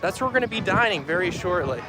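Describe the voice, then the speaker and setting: This chatty livestreamer walks around a theme park holding his phone and greeting viewers by name. He speaks fast in a high-pitched voice with lively intonation, and music plays in the background.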